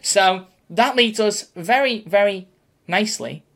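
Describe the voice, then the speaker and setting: A man's voice: high voice, measured pace, creaky, a bit bright. A man co-hosting a podcast in casual chat, talking in a rambling way and often laughing. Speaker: podcast co-host.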